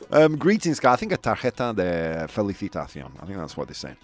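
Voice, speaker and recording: A man hosting a live stream, chatting casually with his audience, reading their messages and poking fun at himself. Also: lowish voice. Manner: chatty, self-mocking, reads out chat messages. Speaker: live-stream show host.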